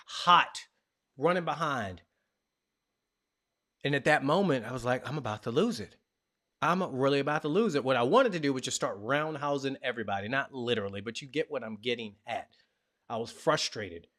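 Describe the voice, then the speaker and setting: A man in his thirties from Richmond, Virginia, hosting a show and telling a personal story in a lively, playful way. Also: medium pitch, fairly quick. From Richmond, Virginia, USA. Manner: animated, playful storyteller who acts out sounds. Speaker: podcast host. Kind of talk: storytelling monologue.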